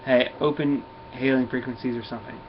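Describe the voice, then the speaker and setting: A man's voice: mid-range voice, steady tone, a little fast, natural voice. A brash teenage boy superhero chatters eagerly and cockily, read by a man going through a comic. The recording is dull and lo-fi. It carries a faint hiss. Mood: cocky.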